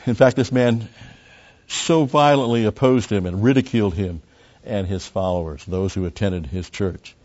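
A low-pitched pastor works through scripture verse by verse, slowing down and rising in pitch to stress key words. The recording sounds slightly muffled. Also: male voice, darkish tone. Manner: deliberate, pausing, with emphatic rises. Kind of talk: expository sermon.

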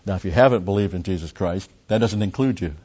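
A low-pitched pastor works through scripture verse by verse, slowing down and rising in pitch to stress key words. The recording sounds slightly muffled. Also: male voice, a little mellow. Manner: deliberate, pausing, with emphatic rises. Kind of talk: expository sermon.

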